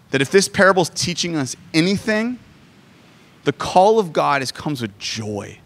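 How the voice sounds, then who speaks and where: A man's voice: a little high, pushed and bright. A man in his forties preaching a sermon, joking and self-deprecating as he talks. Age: 40s. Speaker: pastor.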